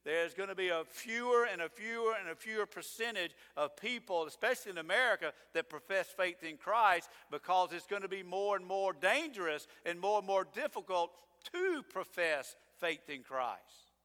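A male pastor preaches conversationally yet emphatically, slipping into sarcastic asides. His high-pitched voice is bright, forceful and animated, at a moderate pace. The long reverb of a church hall colors the recording.

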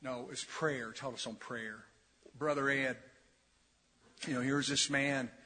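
A man preaching an expository sermon as pastor, dramatic and conversational, swinging from quiet asides to loud emphatic peaks. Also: mid-range voice, fairly even intonation, measured pace. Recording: long reverb of a large church hall.

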